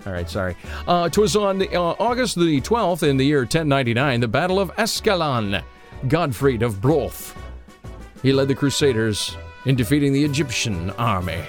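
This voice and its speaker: With faint music behind him, an American radio host chats playfully through the morning, putting on goofy voices while reading the day's history. He speaks at normal speed in a medium-pitched, sing-song voice.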